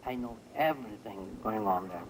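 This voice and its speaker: A man in an archival interview, speaking in halting English with non-native phrasing. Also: lowish voice, background noise.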